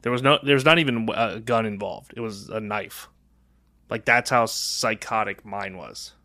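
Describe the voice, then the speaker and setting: A man's voice: fairly low pitch, bright, forceful tone, dry recording. Man joking in a dry room. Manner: quick reactive interjections, joking asides. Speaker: podcast co-host. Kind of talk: casual chat.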